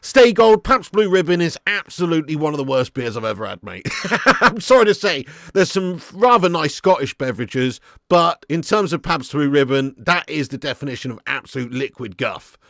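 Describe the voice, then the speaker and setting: A man's voice: fairly high pitch, animated, brisk, creaky, hardly any pauses, fairly bright tone, no echo, studio quality. A man hosting a live football watch-along stream, chatting and laughing with viewers while a bit snotty and ill. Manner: chatty, reads chat aloud, laughs often.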